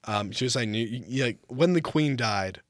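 A man's voice: mid-range voice, measured pace. Teasing young man hosting a podcast. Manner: teasing, deadpan jokey banter. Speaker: podcast host. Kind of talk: casual comedic chat.

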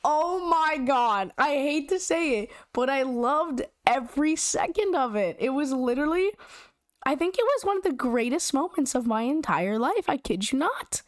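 A young woman telling a story in casual, animated chat, slangy and giggly with lots of "like". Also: high-pitched, moderate pace, dry recording, studio quality.

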